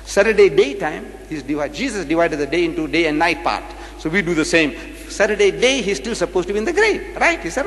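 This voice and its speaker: A high-voiced man lectures with sweeping, lively swings in pitch, dramatic and full of rhetorical questions. His voice rings through a large lecture hall with a long echo. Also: quick pace. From South Africa. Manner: dramatic, rhetorical, questions the audience and acts out debates. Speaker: public lecturer. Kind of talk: religious debate lecture. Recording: live hall recording with long reverb.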